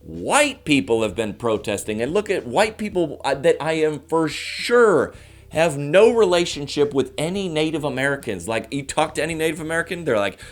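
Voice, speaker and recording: A man in his thirties hosting a comedy show, ranting fast to camera and slipping into mock voices. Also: mid-range voice. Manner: rapid, animated rants with mock voices. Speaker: comedian host.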